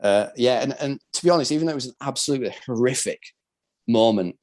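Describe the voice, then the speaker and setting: With a medium-pitched, darkish voice and a fast delivery, a former British soldier turned wheelchair rugby player shares his story as a podcast guest. He's candid and rambling, casual in tone, and uses lots of filler words.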